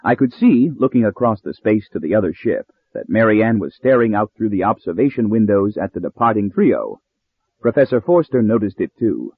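A man narrating a story in an audiobook style with steady, expressive reading, recorded with narrow phone-like sound. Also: on the low side, normal speed, husky, no room sound.

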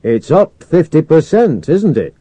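Male narrator doing a cautious spaceman officer, wry, matter-of-fact, mellow, dry sound. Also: lowish voice, big pitch swings, a little slow, no echo.

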